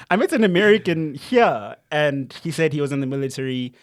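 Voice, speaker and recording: A South African man co-hosting a podcast, giving his views in a quick, animated way. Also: fairly high pitch. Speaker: podcast co-host. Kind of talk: casual chat.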